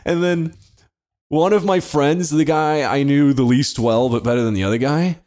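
A man's voice: a little high, moderate pace. A man co-hosting a podcast, telling a story casually with lots of swearing and laughter. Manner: profane, animated, laughing while telling. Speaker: podcast co-host.

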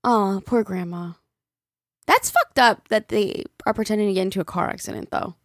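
A woman's voice: medium pitch, normal speed, dry recording, clean studio sound. A woman co-hosting a casual podcast, reading listener emails aloud and chatting, swearing freely and laughing often. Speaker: podcast co-host.

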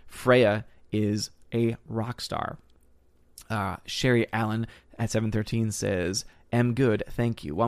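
A man's voice: mid-range voice, no echo, clean studio sound. Chatty man reading out stream chat. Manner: chatty, rambling, laughs often, thanks viewers warmly. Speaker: livestream host reading chat. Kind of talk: casual livestream chat.

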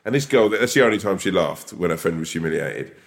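A stand-up comedian co-hosting a podcast, telling an animated story full of "like" fillers. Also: male voice, low voice, fast, creaky. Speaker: podcast co-host. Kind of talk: casual chat.

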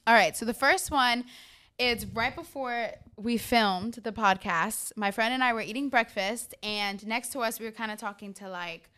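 Young woman telling animated stories. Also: fairly high pitch, moderate pace, clear, resonant tone. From Florida. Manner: animated, acts out quoted people. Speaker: podcast co-host. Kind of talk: casual storytelling chat.

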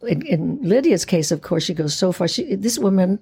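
A woman's voice: on the low side, very animated, moderate pace, creaky, dark tone, breathy edge. A woman in her eighties, a guest actress chatting in an interview in a theatrical way, often laughing. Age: 80s. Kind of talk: casual interview chat.

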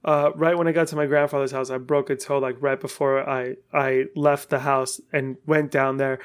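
A man's voice: medium pitch, flat delivery, normal speed, smooth. A man in his forties hosting a podcast, telling a story in a loose, rambling way with frequent swearing and laughter. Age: 40s. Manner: rambling, profane, laughing often. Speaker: podcast host. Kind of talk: casual storytelling.

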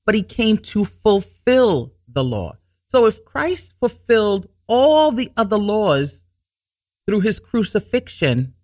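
A man hosting a Bible teaching talk show, explaining scripture earnestly, restarting sentences to stress his points and reading verses slowly. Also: high voice, dry recording, studio quality. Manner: reads scripture slowly and deliberately.

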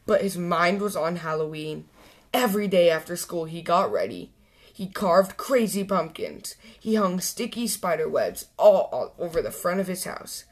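A woman hosting a children's story channel, reading a picture book aloud clearly and expressively. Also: on the low side, expressive, normal speed.

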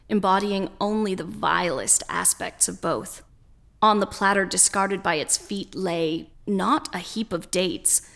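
A woman narrating a scripted story in a slow, measured way. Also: medium pitch, creaky, fairly bright tone.

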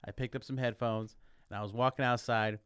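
A man hosts a casual podcast, joking, swearing freely and telling stories with animated energy. His voice is smooth and clear, recorded close and dry with no room sound. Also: mid-range voice, fast, dry recording. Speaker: podcast host.

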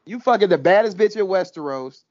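A podcast host in a casual recap chat, talking in an animated, mocking way. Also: mid-range voice, brisk, no echo, lo-fi sound.

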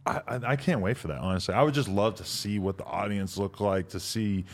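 This man hosts a casual podcast chat in a lowish voice. He rambles freely and swears, with a loose, joking manner and laughter breaking in often. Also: fairly quick. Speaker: podcast host.

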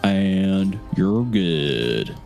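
Guy doing a dumb troll bouncer, low and slow, grunty. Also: expressive, a little mellow, faint music behind, heavily acted. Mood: blunt. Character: dim-witted male troll casino bouncer.

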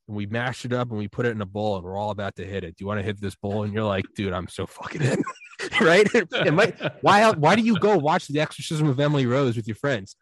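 A man chatting on a podcast, telling a rambling story with animated energy, acting out quoted voices and swearing freely. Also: mid-range voice, fast, slight background noise. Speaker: podcast host. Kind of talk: casual podcast chat.

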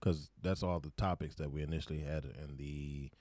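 A man hosting a casual podcast chat, talking in an animated way and laughing often. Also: extremely low pitch, moderate pace, dry recording. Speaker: podcast host.

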